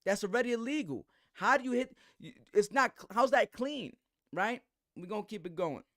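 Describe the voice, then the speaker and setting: A man's voice: sits high, animated, moderate pace, fairly bright tone, no echo. A man hosting a livestream, giving heated, slangy commentary full of restarts. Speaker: host.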